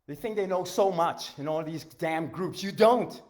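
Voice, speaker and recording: A man teaching martial arts strikes in a live-stream rant, emphatic and animated, shouting out strike sounds and often clearing his throat. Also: a little high, normal speed. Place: home training garage in the backyard.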